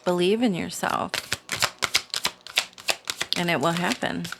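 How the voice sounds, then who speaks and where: Slow-talking woman reading cards. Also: fairly low pitch, vocal fry, very noisy. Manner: slow, soothing, chatty with small laughs. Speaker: tarot reader, channel host. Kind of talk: casual spiritual reading to camera.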